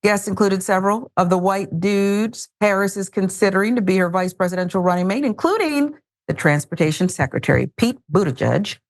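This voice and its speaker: A woman's voice: medium pitch, a little fast. A woman hosting a news commentary show, reading headlines casually with wry, joking asides.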